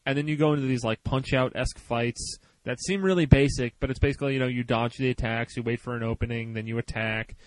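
A man's voice: mid-range voice, steady tone, quick pace, few pauses, no room sound, low-quality recording. Rambling man on a dry mic. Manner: rambling, many restarts and fillers. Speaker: podcast co-host. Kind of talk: casual podcast chat.

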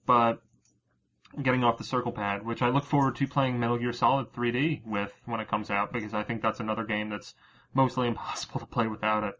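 A man's voice: mid-range voice, level tone, a little fast, a bit bright. A man hosting a casual chat, rambling with many fillers and restarts. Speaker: podcast host. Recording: dull lo-fi recording.

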